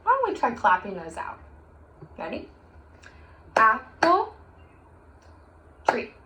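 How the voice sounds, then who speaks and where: A woman's voice: mid-range voice, wildly swooping pitch, normal speed, fairly bright tone. A young woman teaching a recorded music lesson to children, chanting rhymes in an encouraging, sing-song voice. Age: young adult. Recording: echoey room with faint hiss.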